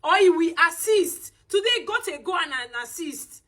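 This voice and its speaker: A woman chatting to camera, animated and teasing. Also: very high-pitched, moderate pace. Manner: animated, teasing, mixes pidgin. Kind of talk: casual chat to camera.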